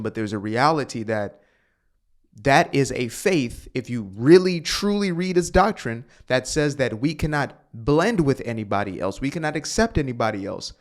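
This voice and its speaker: A man hosting a commentary monologue, talking emphatically, sighing and repeating his points for force. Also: mid-range voice. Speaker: host.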